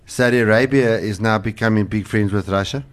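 A man's voice: lowish voice, a little fast. A man, a pastor co-hosting a casual religious talk show, earnest and rambling with fillers. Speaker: pastor and co-host.

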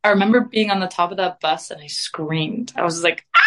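A woman's voice: on the low side, brisk. A young woman, a guest musician, talking casually in an interview, rambling dreamily and laughing easily.

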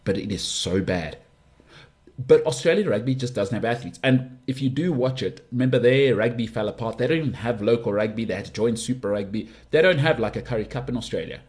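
Rambling man hosting a podcast. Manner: animated, rambling, with big swings in pitch. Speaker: podcast host. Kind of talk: casual opinionated sports monologue.

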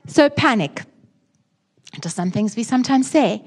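A woman pastor preaching a sermon and leading prayer, expressive and emphatic, at times dropping to a soft hush. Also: on the high side, normal speed, pauses often, breathy edge. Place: church.

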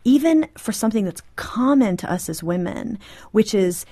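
An animated woman talking as a guest in an interview, her voice sitting at an ordinary middle pitch. She explains her points readily and slips into acting out brief quoted conversations as she goes. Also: normal speed, breathy edge. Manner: animated, acts out quoted dialogue. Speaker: guest author.

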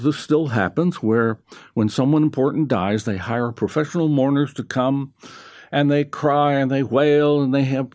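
A man's voice: mid-range voice, darkish tone, no echo, clean studio sound. A man with a South African accent gives a conversational radio Bible teaching, repeating key phrases and asking rhetorical questions.

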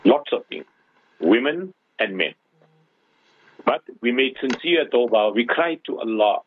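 Husky man preaching over a tinny phone line. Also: mid-range voice, animated, unhurried. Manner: preaching, rhetorical questions. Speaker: radio host. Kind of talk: radio Islamic advice talk.

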